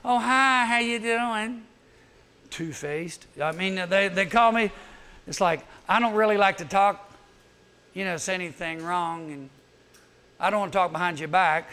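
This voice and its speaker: A man, a youth camp speaker, giving a humorous sermon. He is animated, acts out quick voices and adds teasing asides. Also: high voice, clear, resonant tone.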